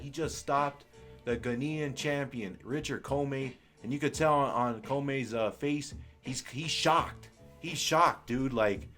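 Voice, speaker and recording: A young man doing live fan commentary on a boxing match, excited and slangy, full of exclamations. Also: mid-range voice.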